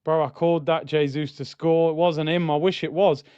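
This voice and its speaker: A young man with a clear, resonant, higher voice and moderate pace streams a live football watchalong. He shouts at goals with excitement, then grumbles and reads out chat comments, and the audio is dull with no echo.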